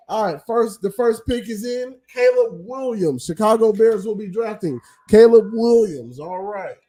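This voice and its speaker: Opinionated man, mellow higher voice. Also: animated, unhurried. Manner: opinionated, rambling, frequent ums. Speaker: livestream host. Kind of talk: casual draft commentary.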